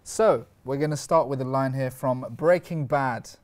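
A man playing a deadpan, self-assured acting coach in a comedy sketch, talking in short clipped lines. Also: medium pitch, a little slow.

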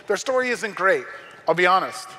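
A man's voice: sits high, very animated, normal speed, bright, forceful tone, in a large hall. A man preaching a sermon as pastor, in a conversational style with joking asides. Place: church sanctuary.

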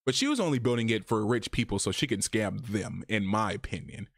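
A man talking casually in a review vlog, chatty and animated, his voice jumping higher when he quotes people. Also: fast talker, few pauses, no room sound, clean studio sound. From Arizona, USA. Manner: chatty, animated, often rises in pitch when quoting. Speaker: YouTube reviewer.

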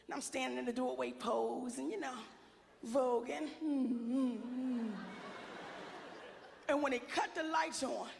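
Loud sassy woman doing stand-up, high voice with a gravelly rasp, echoey hall. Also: steady tone, slow pace, pauses often, slight background noise. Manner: brassy, bold and sassy, often shouting punchlines. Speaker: stand-up comedian. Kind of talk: stand-up comedy set.

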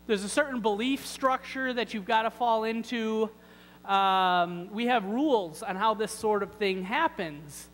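A man's voice: high voice, a little slow, a bit bright, long reverb tail, poor audio. A man voicing a lame adult man who insists on procedure and rules, lecturing in an exasperated way. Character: lame man, adult, fussy and rule-bound.

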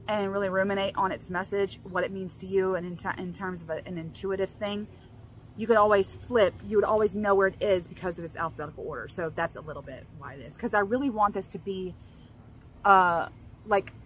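A woman vlogging in a casual, earnest, rambling way, restarting her sentences, with faint noise behind her. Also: mid-range voice. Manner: rambling and earnest, restarts often, laughs between thoughts. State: emotional, choked up. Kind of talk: casual vlog talk.

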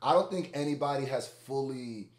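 A man hosting a reaction video, chatting casually with loud laughing outbursts and low mutters. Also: moderate pace. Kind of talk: casual commentary reacting to a song. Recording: echoey room.

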